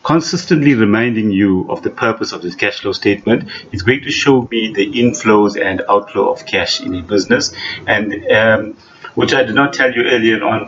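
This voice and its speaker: A man with a fairly low voice explains an accounting topic to his class, patient and emphatic, often repeating points and restarting his sentences. The recording sounds dull and lo-fi with a faint hiss behind him. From South Africa. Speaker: accounting teacher.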